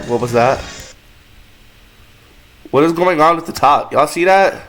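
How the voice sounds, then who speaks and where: Young male gaming creator, casual, joking commentary, slightly high voice. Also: a little slow, long pauses, a bit bright, faint music behind, rough recording. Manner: joking, self-deprecating asides with laughter.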